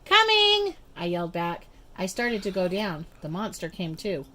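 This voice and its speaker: A woman reading a children's storybook aloud in an expressive, measured way. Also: on the low side. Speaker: storybook reader. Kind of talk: children's book read-aloud.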